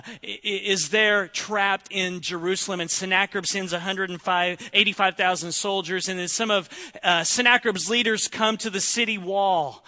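Bright-voiced preacher retelling a story. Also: male voice, sits high. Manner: animated, conversational retelling. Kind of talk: sermon storytelling.

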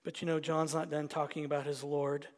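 A male pastor preaching a sermon, dropping to hushed whispers and rising to loud emphatic lines. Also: fairly high pitch, flat delivery, a little fast. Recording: long church reverb.

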